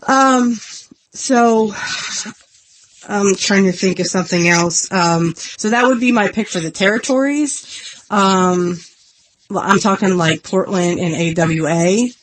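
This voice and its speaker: A woman's voice: mid-range voice, slow pace. A woman hosting her own podcast in an earnest, rambling, self-deprecating casual chat. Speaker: podcast host.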